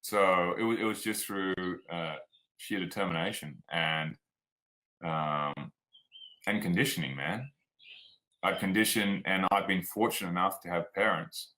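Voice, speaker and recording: A man's voice: low-pitched, unhurried, pushed and bright, poor audio. A man with an Australian accent, telling stories frankly as a guest in a casual interview. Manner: frank and plainspoken, drops "like" and "man". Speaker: guest, performance coach.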